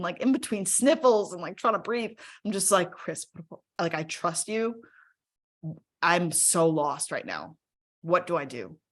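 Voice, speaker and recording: Conversational woman telling her story, lower voice. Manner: conversational, fillers like 'like' and 'right?'; animated when quoting herself. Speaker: speaker sharing her personal story. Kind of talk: personal story told in a live webinar.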